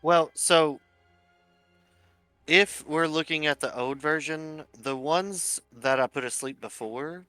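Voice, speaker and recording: Guy playing a tabletop game, bright crisp voice, kinda unsure, double-checking stuff. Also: a little high, slow pace, no echo, soft background music. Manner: tentative, checking the rules. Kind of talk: casual game chat.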